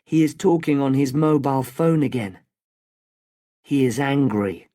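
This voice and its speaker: Narrator: a man reading a learners' storybook, slow and careful. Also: medium pitch, lively intonation, dark tone. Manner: slow, careful, clearly spoken.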